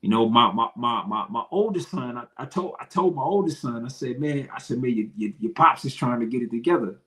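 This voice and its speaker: A man's voice: mid-range voice, animated, a little fast, fairly bright tone. A man from Detroit, a podcast guest, talking earnestly and repeating his phrases. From Detroit, Michigan. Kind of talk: emotional interview talk.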